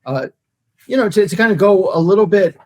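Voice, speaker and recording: Middle-aged male guest, thoughtful and halting, somewhat raised pitch. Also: animated, a little mellow. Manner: thoughtful, hesitant, many fillers and restarts. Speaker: guest, agency CEO. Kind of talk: casual interview answers.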